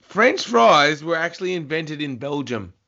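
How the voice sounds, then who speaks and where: Male host, slightly high voice, slow and deliberate, dull lo-fi sound, playful teasing. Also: big pitch swings, sharp tone. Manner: teasing, giggles at own facts. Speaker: podcast host. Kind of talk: casual chat.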